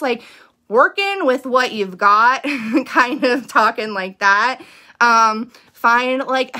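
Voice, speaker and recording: A woman's voice: fairly high pitch, sharp tone. A young woman giving casual business tips to camera, chatty and eager, with lots of "um" and "like". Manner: chatty, full of fillers like "um" and "like"; upbeat and eager.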